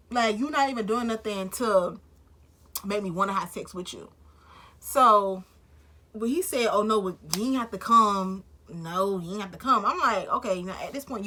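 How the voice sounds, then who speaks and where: A woman's voice: mid-range voice, pushed and bright, slightly rough. A woman vlogger telling a story in a casual, slangy, profane way, acting out both sides of the conversation.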